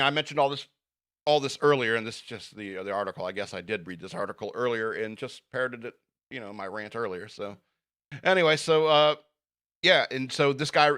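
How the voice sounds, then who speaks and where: A man's voice: medium pitch, fairly bright tone. A man hosting a podcast, reading news stories aloud and giving blunt, sarcastic opinions with frequent fillers. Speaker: podcast host.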